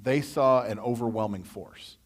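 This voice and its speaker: A man with a Midwestern American accent leading a church Bible study, reading scripture and then adding animated, conversational asides. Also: mid-range voice, unhurried, husky.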